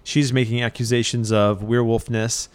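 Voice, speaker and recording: A man casually telling a spooky story as co-host, relaxed and halting with fillers. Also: mid-range voice, clear, resonant tone, dry recording.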